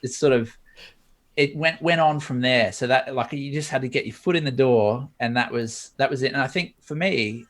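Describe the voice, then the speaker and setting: Man telling a lively story. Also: mid-range voice, moderate pace. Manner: lively storyteller who acts out dialogue. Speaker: guest, 3D modeler. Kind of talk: storytelling interview.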